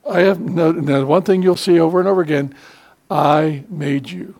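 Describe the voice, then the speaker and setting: An older man preaching a sermon as pastor, conversational and emphatic, with frequent pauses to gather his words. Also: a little high, darkish tone. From United States.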